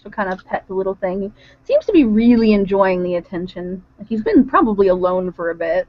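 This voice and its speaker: A woman casually narrating her character in a role-play session, giggly and animated. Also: mid-range voice, brisk, no echo. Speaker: tabletop role-play player. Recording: dull lo-fi dry recording.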